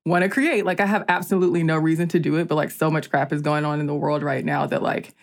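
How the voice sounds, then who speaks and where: Low-voiced chatty woman from the South. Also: fairly even intonation, quick pace. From US South, Georgia. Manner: rambling, many "like" fillers. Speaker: guest storyteller. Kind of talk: casual podcast chat.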